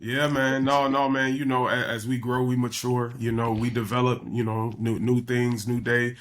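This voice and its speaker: A man's voice: medium pitch, normal speed. Young man telling stories casually. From Chicago South Side. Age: young adult. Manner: relaxed, conversational, frequent fillers. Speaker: podcast guest, emergency physician. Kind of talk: casual storytelling interview.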